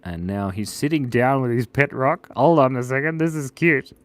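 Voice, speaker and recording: A man's voice: medium pitch, normal speed, dry recording. A young man hosting a casual livestream, drawing requests and reading chat aloud in a playful, giggly way.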